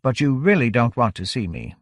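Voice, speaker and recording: A man voicing an unseen, soft-spoken captor in an audiobook, with a breathy, wispy voice and a calm, courteous menace. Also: mid-range voice, brisk, dry recording, clean studio sound. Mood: polite, menacing. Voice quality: breathy, insubstantial as wind.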